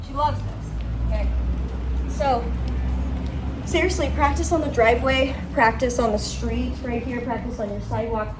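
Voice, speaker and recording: During an outdoor training demo on a driveway or street, a woman dog trainer praises the dog and explains to owners in a coaching, instructive way. Her voice is on the high side with fairly even intonation, a moderate pace and frequent pauses; the distant mic gives a roomy sound, with music in the background.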